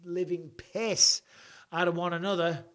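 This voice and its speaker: A man's voice: high voice, fairly even intonation, measured pace, a bit bright. A man, hosting a casual live stream and reading viewer comments with blunt, swearing, mock-annoyed banter. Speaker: host of a live show.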